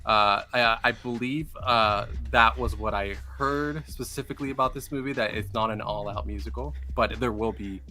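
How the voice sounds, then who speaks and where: A man co-hosting a casual live stream, explaining in a measured way with many fillers. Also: fairly low pitch, bright, forceful tone, soft background music. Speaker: co-host.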